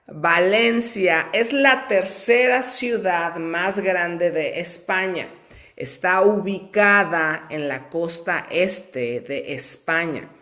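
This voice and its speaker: With a slightly high, fairly bright voice, this man runs slow vocabulary drills in a live bilingual Spanish class. He calls out words for the audience to repeat back, filling the gaps with chatty asides.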